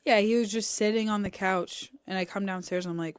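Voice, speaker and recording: A woman's voice: mid-range voice, fairly even intonation, a little fast, clean tone, no room sound, studio quality. A woman co-hosting a podcast, chatting casually and jumping in to add details. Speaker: podcast co-host. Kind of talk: casual chat. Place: home podcast studio.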